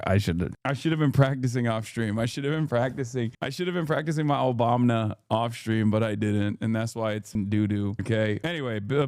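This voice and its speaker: A man's voice: medium pitch, darkish tone, no room sound, clean studio sound. A man on a live stream, reading an article aloud and stopping to react to it. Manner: reads quickly, breaks off to react.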